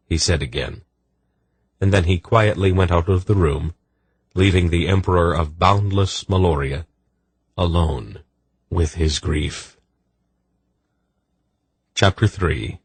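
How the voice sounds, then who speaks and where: A male audiobook narrator reads in a measured, deliberate way. His voice is very deep with a husky edge. The recording is dry and close. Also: steady tone, dry recording. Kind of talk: scripted narration.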